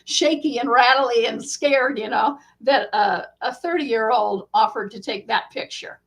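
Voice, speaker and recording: Animated woman telling a story. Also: a little high, measured pace, vocal fry. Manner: animated storyteller, acts out quotes. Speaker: author guest. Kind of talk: casual storytelling interview.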